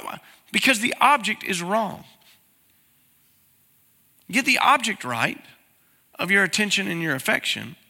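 A man's voice: sits high, vocal fry, bright, forceful tone, big-room sound. A man, preaching a sermon as pastor and talking to the congregation with plain questions. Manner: conversational, asks the congregation questions.

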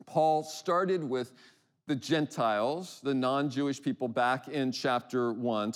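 Casting: man, mid-pitched pastor, chatty sermon style, stretches out scripture slowly. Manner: conversational, many restarts, dramatic slow readings of verses; rhetorical questions to the congregation.

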